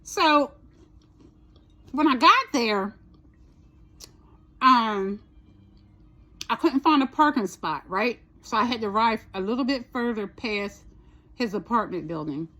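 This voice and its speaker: A woman's voice: fairly high pitch, expressive, takes it slowly, long pauses, sharp tone. A woman vlogger casually telling a personal story, chatty, swearing a little and asking "right?" often.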